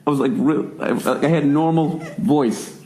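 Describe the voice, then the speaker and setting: A man in his forties from the United States, hosting a casual podcast chat and telling stories with lots of swearing and sudden jumps up in pitch when he rants. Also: measured pace. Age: 40s. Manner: profane, animated storyteller who swings his voice up high when ranting. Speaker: podcast host.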